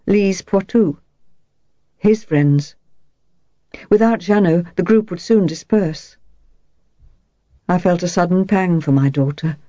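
A woman reading a first-person novel aloud in a calm, measured, reflective way. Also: fairly low pitch, no echo. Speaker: audiobook narrator. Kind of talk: scripted first-person narration. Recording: slightly dull, dry recording.

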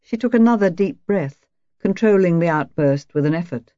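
Woman narrator, audiobook, low mellow voice, calm and measured, dull dry recording. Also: no echo. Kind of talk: scripted first-person narration.

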